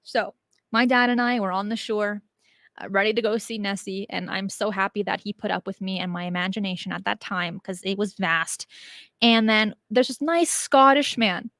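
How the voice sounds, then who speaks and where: A woman's voice: mid-range voice, normal speed, dry recording, clean studio sound. Chatty woman host answering questions. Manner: chatty, animated, laughs easily. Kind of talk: casual chat.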